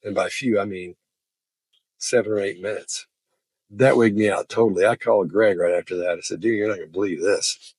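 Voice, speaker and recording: Man, husky, low-ish voice, dry close sound, casual storyteller. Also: a little fast, a little mellow, dry recording. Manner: chatty, laughs while telling stories. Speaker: body language expert.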